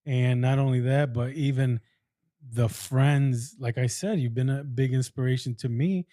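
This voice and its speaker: A male interview host who listens with soft murmured affirmations and then speaks warmly to his guest. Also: medium pitch, unhurried, no echo, studio quality.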